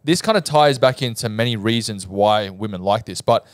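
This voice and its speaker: A man's voice: fairly low pitch, moderate pace, dry recording. A young Australian man co-hosting a casual podcast, explaining his points step by step and telling stories with animation. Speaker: podcast co-host.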